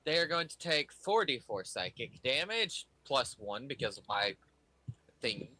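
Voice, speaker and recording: A man playing a tabletop game, working through his spell rules aloud with halting pauses. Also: medium pitch, very animated, pushed and bright, no room sound. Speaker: player. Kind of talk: casual tabletop play.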